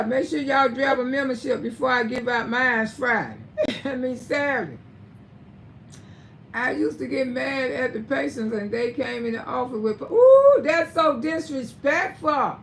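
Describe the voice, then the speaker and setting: A woman's voice: sits high, gravelly, slight background noise. An older woman hosting a live stream, giving blunt, scolding commentary and swearing freely. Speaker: livestream host.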